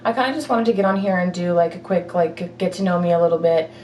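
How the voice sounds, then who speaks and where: A woman's voice: on the low side, fast talker, darkish tone, a little hiss or hum. A young woman answering viewer questions in a casual, rambling chat full of fillers and little laughs. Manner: chatty, rambling, giggly, lots of fillers. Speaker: fitness vlogger. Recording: echoey room, mic at a distance.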